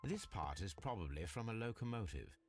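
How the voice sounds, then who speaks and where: An actor playing Sherlock Holmes, a composed, brilliant detective, speaking in a measured, formal, precise manner in a video game. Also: male voice, lowish voice, sing-song, over music. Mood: businesslike.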